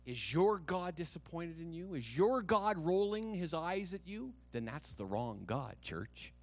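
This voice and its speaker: Dramatic, slow-preaching man pastor. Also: expressive, no echo. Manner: swings from hushed low asides to loud shouted declarations, many rhetorical questions. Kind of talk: sermon.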